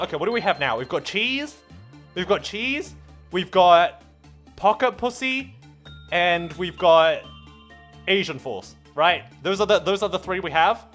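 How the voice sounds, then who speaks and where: A man's voice: high-pitched, very animated, normal speed, fairly bright tone, soft background music. A man chatting casually on a live stream while gaming. He stammers, restarts words often, swears freely and laughs at himself.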